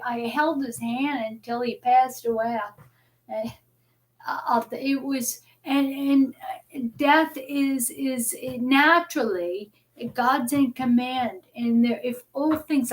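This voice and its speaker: Slow, high-voiced woman talking haltingly. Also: rough recording. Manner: halting, many restarts, earnest and devout. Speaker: host of a live chat show. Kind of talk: emotional live-stream chat. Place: home.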